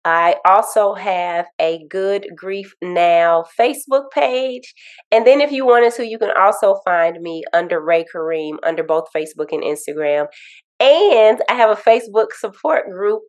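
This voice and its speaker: A woman grief coach talking in an interview, earnest and animated, telling stories and repeating affirmations. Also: medium pitch, a little slow. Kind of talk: interview conversation.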